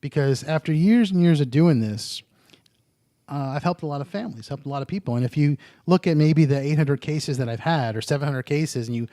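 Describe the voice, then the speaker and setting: A man's voice: a little high, brisk, mellow, no echo, studio quality. A man talking casually as a podcast guest, telling stories with joking asides. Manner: chatty storyteller, joking asides. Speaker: guest, addiction interventionist.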